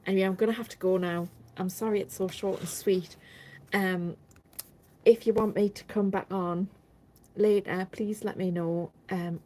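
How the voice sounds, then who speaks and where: Chatty woman with a mellow voice. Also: mid-range voice, rough recording. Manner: chatty, rambling, answers viewer comments. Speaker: live stream host. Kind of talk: casual live stream chat.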